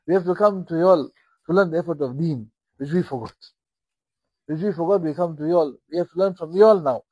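A man preaching a sermon with a husky voice, impassioned, rising and falling in volume and acting out the dialogue he tells. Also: fairly high pitch, fast, darkish tone, no room sound, highs cut off.

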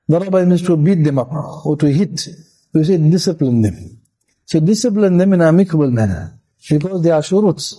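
A man's voice: fairly high pitch, warm tone, low-quality recording. A man giving an informal sermon as a religious teacher, repeating phrases for emphasis and acting out the voices he quotes. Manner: acts out quoted speech.

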